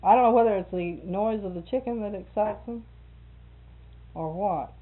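A middle-aged woman with a drawl talks casually, spinning long, looping stories and breaking into laughter as she goes. Her voice sits at an ordinary middle pitch. The recording is narrow and phone-like. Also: normal speed. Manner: chatty storyteller, laughs often. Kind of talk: casual conversation.

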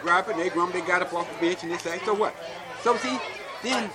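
A loud crowd surrounds this older man from Alabama as he tells oral history stories from his childhood, folksy in style and frequently punctuated by "see?" His voice is high and runs a little fast.

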